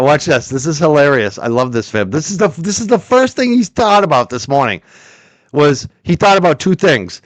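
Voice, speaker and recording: A man's voice: mid-range voice, sing-song, moderate pace, no room sound. A man hosting a commentary stream, ranting in a sarcastic, mocking tone. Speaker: show host and commentator. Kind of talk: livestream commentary.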